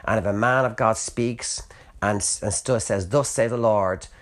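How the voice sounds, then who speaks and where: A man's voice: fairly low pitch, a little slow. A man preaching an earnest, emphatic sermon, reading scripture aloud and posing rhetorical questions.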